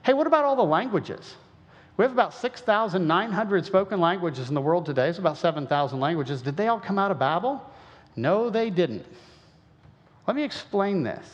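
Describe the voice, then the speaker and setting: A man's voice: sits high, expressive, normal speed. A man from Western Illinois giving a folksy, conversational lecture with lots of rhetorical questions. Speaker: creationist speaker. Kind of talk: lecture-style talk. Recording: muffled sound with long hall reverb.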